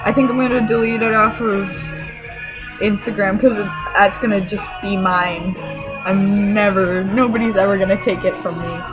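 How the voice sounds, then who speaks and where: A woman from Canada telling a story to her camera in an excited, rambling way, full of fillers and restarts. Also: mid-range voice, moderate pace, over music, rough recording. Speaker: vlogger.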